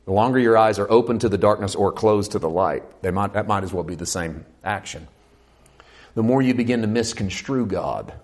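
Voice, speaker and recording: This sermon comes from a man with a lowish voice who talks fairly quickly. Animated throughout, he swings between loud urgency and hushed tones, acts out quoted voices, and poses questions to the congregation.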